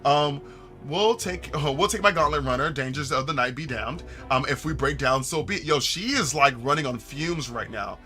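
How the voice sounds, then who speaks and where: Young male streamer, very bright and somewhat high voice, animated and joking, with soft music behind him. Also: normal speed. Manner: animated, laughing, reads game dialogue aloud and jokes to chat. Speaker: game streamer. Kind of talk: casual let's-play commentary.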